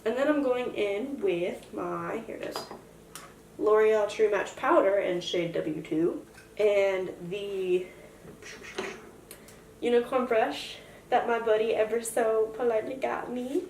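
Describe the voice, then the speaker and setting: A woman's voice: medium pitch, slow pace, darkish tone, far from the mic, a little hiss or hum. A young woman in a casual makeup tutorial, chatty and self-joking as she explains each step. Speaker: makeup vlogger. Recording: roomy echo, voice from afar.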